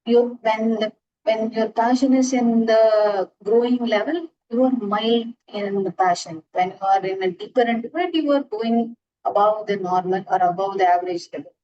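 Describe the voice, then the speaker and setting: Mellow-voiced woman teaching an online class. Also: medium pitch, normal speed, highs cut off, slight background noise. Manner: earnest, repetitive, frequent restarts. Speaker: astrology teacher. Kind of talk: classroom lecture.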